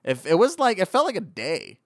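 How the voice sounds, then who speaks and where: A man talking casually with friends about an old action movie, his voice quick to leap up high when he jokes. He talks loosely with lots of fillers, recorded close and dry with no room sound. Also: no echo. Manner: animated, jumps into high excited voices when joking.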